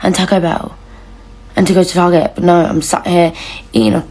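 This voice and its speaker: Young English woman, slightly low voice, whiny swearing rant. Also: little pitch movement, fairly quick, creaky, a little mellow. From England. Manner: whiny, swearing, comic complaining. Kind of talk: casual rant to camera.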